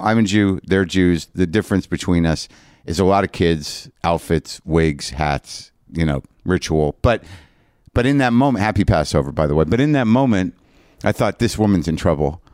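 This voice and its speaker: A man's voice: low voice, lively intonation, moderate pace, a little mellow, dry recording, clean studio sound. Ranting older man telling a story. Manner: ranting, self-mocking, acts out both sides of dialogue. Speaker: comedian. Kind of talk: stand-up storytelling.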